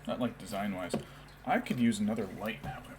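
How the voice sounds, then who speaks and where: A man's voice: fairly low pitch, quick pace, background noise. A young man chatting casually while painting miniatures on a stream, rambling and now and then talking baby talk to his cat.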